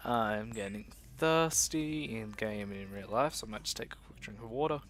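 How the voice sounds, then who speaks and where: A man's voice: fairly low pitch, normal speed, a bit bright, slight background noise. Rambling young man narrating gameplay. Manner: rambling, self-mocking, talks to viewers. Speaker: gaming video host. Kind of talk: casual gameplay commentary.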